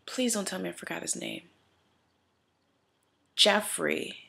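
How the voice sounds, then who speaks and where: A woman's voice: on the low side, expressive, a little slow, creaky, long pauses, pushed and bright. Teary, rambling young woman vlogging. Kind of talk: candid vlog storytelling. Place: at home in her room.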